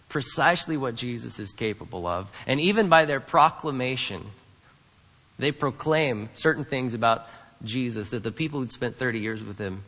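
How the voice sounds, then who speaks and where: Male pastor, earnest sermon delivery with emphatic repetition; bright, tense tone in a hall with long reverb. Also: mid-range voice, creaky. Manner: earnest, emphatic, repeats key lines. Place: church sanctuary.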